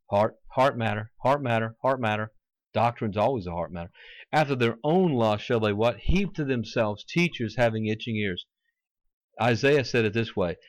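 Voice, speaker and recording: A man's voice: lowish voice, dry recording. A man preaching a fervent sermon, quoting scripture and acting out mocking voices.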